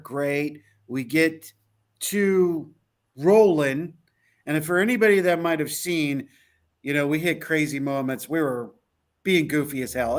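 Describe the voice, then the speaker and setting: Male co-host, rather high voice, lively storyteller who acts out quotes. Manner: animated storyteller, acts out quotes, laughs often. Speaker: podcast co-host. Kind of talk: casual chat recounting a trip.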